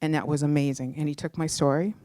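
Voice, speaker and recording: A middle-aged woman from Canada telling a personal story live on stage, heartfelt and animated, acting out the voices she quotes. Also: deep voice, fast, no room sound, clean studio sound. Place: theatre stage.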